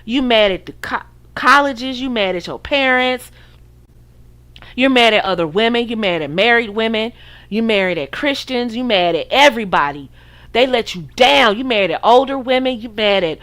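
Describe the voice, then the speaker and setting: An American woman hosts a podcast offering casual dating advice, preachy and sassy, and she acts out her listeners' voices. Her voice is fairly high, expressive and a bit bright, at a normal speed.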